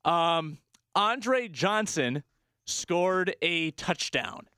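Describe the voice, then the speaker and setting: Man, sports host, hoarse and raspy, fairly high voice, dry sound. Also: lively intonation, very slow, bright, forceful tone, no room sound. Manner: leading, quizzing, upbeat. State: hoarse from yelling. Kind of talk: casual sports talk and quiz.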